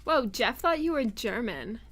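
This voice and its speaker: A woman's voice: fairly high pitch, big pitch swings, a little slow, a bit bright, slight background noise. A woman co-hosting a casual livestream, reading out chat comments and teasing playfully. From Canada.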